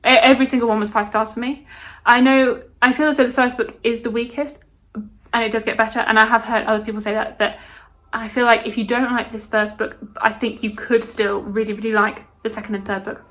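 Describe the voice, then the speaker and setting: A woman's voice: on the high side, flat delivery, a little fast, fairly bright tone. Gushing British woman reviewing books. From United Kingdom. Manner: gushing, enthusiastic, repeats words. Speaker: book reviewer. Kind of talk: casual book review vlog.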